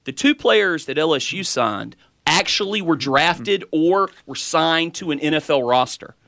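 A man's voice: on the high side, animated, unhurried, sharp tone, no room sound, clean studio sound. A man co-hosting a sports radio show, firing back with pointed, needling rebuttals. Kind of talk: heated sports radio debate.

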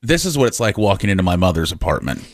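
Lively, joking male radio co-host. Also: deep voice, gravelly, no echo, clean studio sound. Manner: quick jokey asides, laughs a lot. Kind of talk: casual studio banter.

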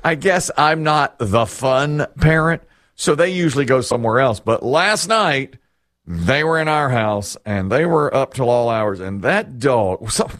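A middle-aged man hosting a casual chat, telling stories in an animated, self-mocking way. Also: medium pitch, unhurried, no echo, studio quality. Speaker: host.

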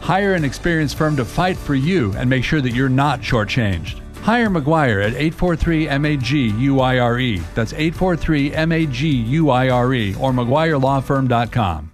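A man's voice: mid-range voice, lively intonation, unhurried, soft background music. A man reading a persuasive ad in an earnest tone. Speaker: ad announcer.

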